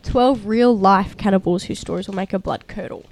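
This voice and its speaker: Young woman reading aloud haltingly. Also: mid-range voice, vocal fry, darkish tone. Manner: reads aloud haltingly with stumbles, chatty and giggly. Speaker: co-host. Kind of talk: casual chat podcast, reading articles aloud.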